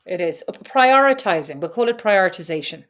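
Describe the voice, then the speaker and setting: Woman co-host in her 40s, chatty and quick to laugh, casual podcast banter. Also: on the low side, expressive, a bit bright. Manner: chatty, laughs often, acts out kids' voices. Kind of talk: casual chat.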